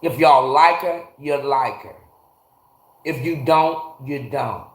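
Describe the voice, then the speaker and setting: A man's voice: medium pitch, slow pace. Profane, ranting man in an echoey garage. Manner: blunt, profane ranting, greeting chatters by name. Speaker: livestream host. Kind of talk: casual livestream chat with viewers.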